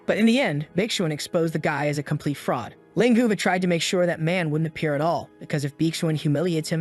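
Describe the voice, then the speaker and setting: Guy doing a brisk wry story recap, a bit high voiced. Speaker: recap narrator. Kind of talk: scripted story recap narration.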